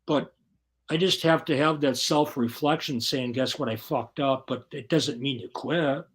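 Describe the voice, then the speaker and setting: A man as an interview guest, telling his story bluntly and profanely in casual, animated talk. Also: mid-range voice, unhurried, breathy edge.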